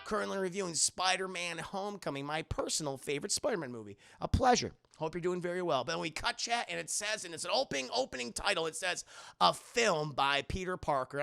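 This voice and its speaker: A man recapping a film live on stream, animated and enthusiastic, thanking viewers as he goes. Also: high-pitched, fairly quick, gravelly, dry recording, studio quality.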